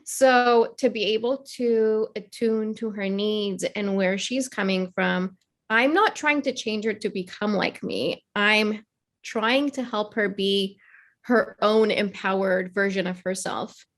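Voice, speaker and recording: A woman in her thirties, a therapist and mother, appears as a guest in a conversational interview, speaking earnestly and reflectively and acting out children's voices when quoting them. Her voice is medium-pitched, slow, and fairly bright.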